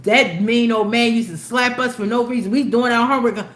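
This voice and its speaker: Opinionated woman gossiping in an echoey room. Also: fairly quick. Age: older. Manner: animated, opinionated, slangy, swings between low asides and loud exclamations. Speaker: commentary host. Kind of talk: casual celebrity gossip commentary. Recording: echoey room with faint ambient noise.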